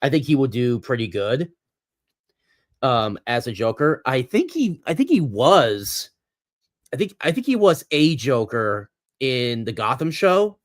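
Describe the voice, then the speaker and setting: Hosting a casual livestream chat, a man rambles hesitantly, full of ums and restarts, and laughs at himself now and then. His mid-range voice is very animated yet unhurried, captured in clean studio sound with no echo.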